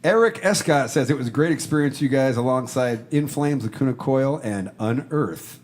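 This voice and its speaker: A man hosting a live stream, reading viewer comments in casual chat, joking and breaking into shouts and snatches of song. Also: mid-range voice, moderate pace. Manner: animated, jokey, shouts and sings bits.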